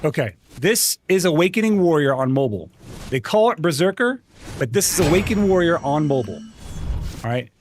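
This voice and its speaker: A man's voice: on the high side, sing-song, brisk, noisy background. A man streaming games, chatting casually with his viewers, rambling and laughing often. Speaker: gaming streamer. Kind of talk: casual livestream chat.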